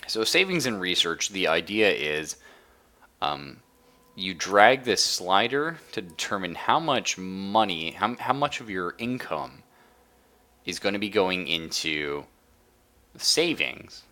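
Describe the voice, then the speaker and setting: A man's voice: deep voice, very animated, takes it slowly, sharp tone. A man streaming a strategy game live, chatting casually and enthusiastically as he explains the mechanics while he plays. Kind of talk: casual live gameplay commentary.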